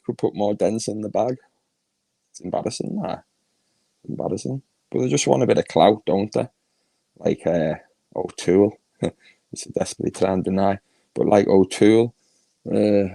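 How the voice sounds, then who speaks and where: A man's voice: low-pitched, creaky, mellow, breathy edge, no echo, poor audio. A man with a Liverpool accent hosting a livestream, ranting crudely and mockingly, laughing often. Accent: Liverpool (Scouse). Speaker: livestream host.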